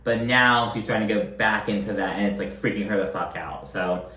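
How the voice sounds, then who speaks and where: A man giving a casual, animated recap, swearing often and acting out quotes in mocking voices. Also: lowish voice, moderate pace, reverberant. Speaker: recap commentator. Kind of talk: casual reality-show recap.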